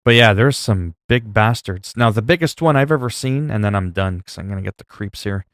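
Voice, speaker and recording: A man casually chatting with his stream audience, rambling with many fillers, and getting louder when he reacts in disgust. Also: lively intonation, a little fast, dry recording, studio quality. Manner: gets loud and higher when reacting in disgust. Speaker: livestreamer.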